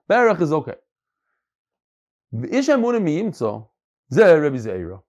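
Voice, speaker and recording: A man's voice: a little high, wildly swooping pitch, unhurried, a little mellow. A man teaching a Talmud class, reading passages aloud and explaining them, often repeating words as he searches for phrasing.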